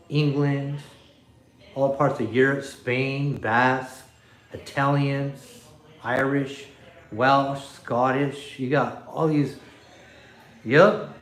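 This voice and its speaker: A man's voice: mid-range voice, reverberant. A man hosting a casual livestream from his living room, talking off the cuff into his phone and chuckling as he reads comments. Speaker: livestream host. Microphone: iPhone.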